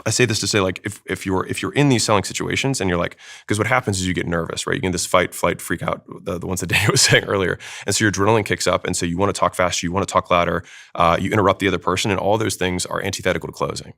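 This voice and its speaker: A man explaining sales technique in a panel discussion, talking fast and emphatically. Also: low voice, fairly even intonation, creaky, sharp tone. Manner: fast, emphatic teaching delivery. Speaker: sales expert guest.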